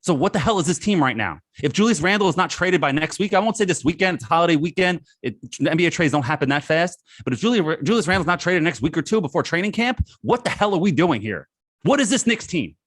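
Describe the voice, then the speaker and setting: A man's voice: a little high, lively intonation, fast, fairly bright tone, husky, dry recording, clean studio sound. A man co-hosting a sports podcast, ranting angrily and exasperated. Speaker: podcast co-host.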